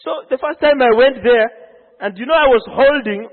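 A man preaching a sermon, telling the story with animated energy and acting out the quoted lines. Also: very high-pitched, moderate pace. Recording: phone-like sound in a long-reverb hall.

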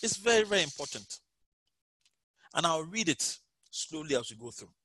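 A man's voice: a little high, sing-song, normal speed, bright, forceful tone, no room sound, poor audio. A man preaching and leading prayer, chanting fervently and repeating "Father Lord" as he speaks to listeners at home. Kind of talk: prayer and sermon.

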